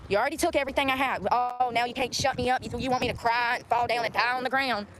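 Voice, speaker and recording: Young woman ranting outside, cussing, kinda high voice, traffic going by loud. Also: fairly even intonation, quick pace. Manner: ranting, blunt and profane. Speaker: vlogger. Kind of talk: venting to the camera. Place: outdoors by a road. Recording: clear outdoor traffic noise.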